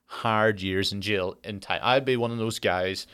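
A young man hosting a solo podcast, telling an exasperated travel story and ranting with heavy swearing and dark jokes. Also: lowish voice, fairly even intonation, unhurried, clean tone. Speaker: podcast host.

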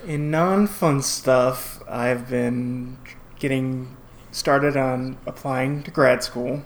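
Slow, halting man chatting. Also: mid-range voice, fairly even intonation. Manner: halting, many fillers and restarts. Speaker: podcast co-host. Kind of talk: casual chat.

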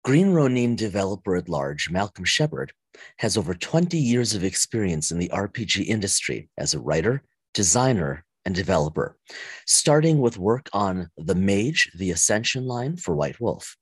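A man reads a scripted guest biography in an announcer's read-aloud manner. His low voice is husky and swings lively in pitch, and the recording is dry and close. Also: normal speed, no room sound.

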